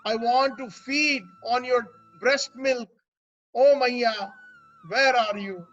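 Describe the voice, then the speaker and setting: A man's voice: extremely high pitch, slow pace, fairly bright tone, muffled recording, soft background music, full character voice. A man voicing a young male god who weeps and calls out in tearful, pleading cries for his lost loved ones. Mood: weeping.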